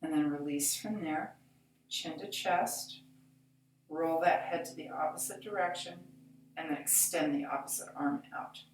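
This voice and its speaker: A woman with a deep, low voice leads a seated exercise class, giving slow, gentle, reassuring cues. She sounds set back from the microphone, and the room adds a clear echo around her words. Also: slight background noise. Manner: calm, reassuring, slow cueing. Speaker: fitness instructor. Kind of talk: guided chair exercise instruction. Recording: echoey room, mic at a distance.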